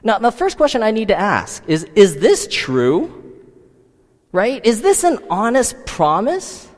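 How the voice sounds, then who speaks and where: A man preaches a sermon in a high, bright voice that swings up and down. He keeps asking the listeners rhetorical questions. His voice rings out with a long echo in a hall. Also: a little slow. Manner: lively, asks the listeners many rhetorical questions. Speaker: pastor.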